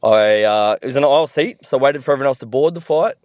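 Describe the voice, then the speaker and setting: A man's voice: mid-range voice, quick pace, darkish tone, no echo, dull audio. Grumbling man venting in a dry voicemail. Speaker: caller leaving a voice message.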